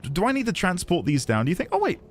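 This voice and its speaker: A man's voice: sits high, wildly swooping pitch, very fast, soft background music. A man giving casual live-stream commentary, chatting with viewers while he plays and thinks aloud. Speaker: streamer playing a video game.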